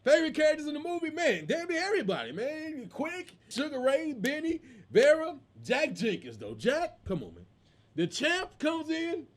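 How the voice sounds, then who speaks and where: A man's voice: very high voice, moderate pace. A man in his forties, a comedian hosting his own show in a casual, slangy monologue. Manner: animated, slangy, tosses in "man".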